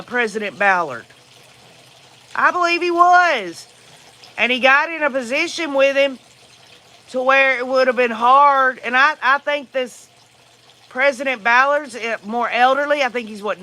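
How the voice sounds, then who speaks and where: Very high-voiced Southern US man. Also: bright, forceful tone. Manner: rambling and opinionated, with frequent fillers. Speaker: livestream host. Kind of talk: casual livestream chat, answering viewer comments.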